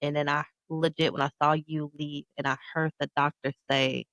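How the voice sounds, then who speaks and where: A woman's voice: sits low, little pitch movement, normal speed, few pauses, fairly bright tone, no room sound, low-quality recording. A woman in her thirties co-hosting a podcast, recounting a personal story with candid emotion. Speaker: podcast co-host. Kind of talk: casual podcast conversation.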